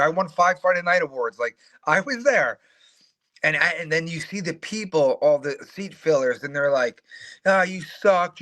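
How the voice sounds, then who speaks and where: Bright-voiced retired fighter telling stories. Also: male voice, mid-range voice. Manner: animated, profane, self-mocking, acts out quoted voices. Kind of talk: casual interview storytelling.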